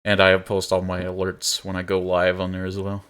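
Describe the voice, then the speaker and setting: A man's voice: low-pitched, normal speed, clean tone. Laid-back young man streaming a game. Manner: relaxed, chatty, laughs often while reading. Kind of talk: game playthrough, reading text aloud. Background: game music.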